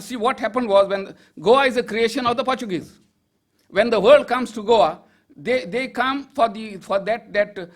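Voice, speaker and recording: High-voiced older man giving a speech. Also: fairly bright tone. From Goa, India. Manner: emphatic, rhetorical, with wry asides and laughs. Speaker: public speaker. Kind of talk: political speech to an audience.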